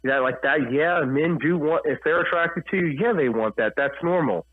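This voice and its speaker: A man's voice: fairly high pitch, normal speed, no echo. A man hosting a casual podcast, rambling through heated, profane opinions over a tinny phone-like line. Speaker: host.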